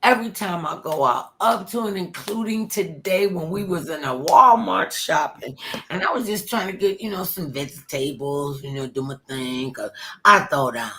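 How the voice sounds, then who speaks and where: An older woman tells stories in a low-pitched, expressive voice. She acts out every quote, shouting some lines and whispering others. The talk is loose, casual and full of energy. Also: normal speed, slight background noise. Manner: animated, acts out quotes with sudden loud bursts and hushed whispers. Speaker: former talk show host telling stories. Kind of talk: casual storytelling interview.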